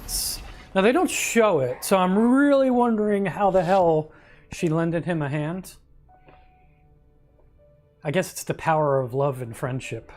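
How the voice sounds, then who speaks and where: Slow-talking man streaming a game. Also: high-pitched, a little mellow, faint music behind. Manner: jokey, playful, reacts aloud to the game. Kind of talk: casual gameplay commentary.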